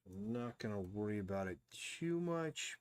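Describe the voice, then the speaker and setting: A man with a fairly low voice talks his way through a drawing session on a live stream. He rambles and restarts his sentences as he works, keeping it loose and casual. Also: expressive, normal speed. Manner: rambling, thinks aloud, frequent restarts.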